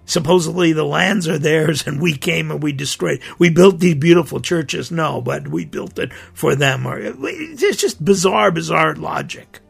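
A man's voice: on the high side, lively intonation, measured pace, creaky, few pauses, husky, faint music behind. A middle-aged man, a priest hosting his own podcast, speaking in an earnest, indignant and emphatic monologue.

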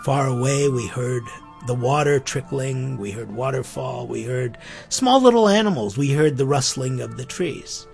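A man's voice: mid-range voice, lively intonation, normal speed, vocal fry, a little mellow, soft background music. A man hosting a podcast, reflecting earnestly on faith and spirituality in a musing way, often restarting his sentences. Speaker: podcast host.

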